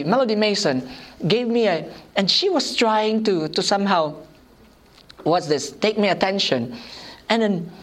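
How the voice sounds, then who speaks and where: A woman preaching a sermon, telling personal stories in an animated, self-mocking way and laughing often. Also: on the low side.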